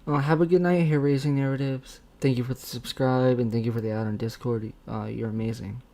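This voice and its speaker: A man's voice: mid-range voice, steady tone, brisk, warm tone. A young man hosting a casual live stream, chatting with a friend and thanking viewers as he rambles. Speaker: streamer hosting a subscriber livestream.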